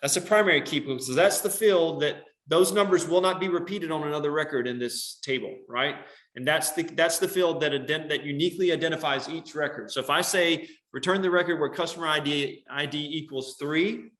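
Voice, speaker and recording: Bright-voiced man teaching a coding class. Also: on the high side, a little fast, few pauses. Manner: explains step by step, many "um" and "right?" checks. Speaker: computer science teacher. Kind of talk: classroom lesson on screen.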